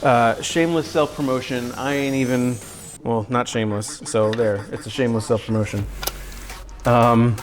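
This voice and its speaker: A man's voice: medium pitch, fairly even intonation, normal speed. Joking man streaming from his kitchen. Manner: joking, self-mocking, chatty. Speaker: streamer cooking live. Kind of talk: casual livestream chat. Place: home kitchen.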